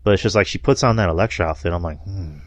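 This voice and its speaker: Deep-voiced man in rambling casual chat. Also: rapid-fire, no echo. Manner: rambling, filler-heavy, laughs often. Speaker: podcast co-host.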